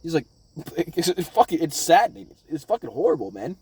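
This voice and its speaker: A man at home giving a casual, rambling recap of a show in an excitable, profane way. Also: on the high side, a little fast, breathy edge. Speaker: anime reaction vlogger.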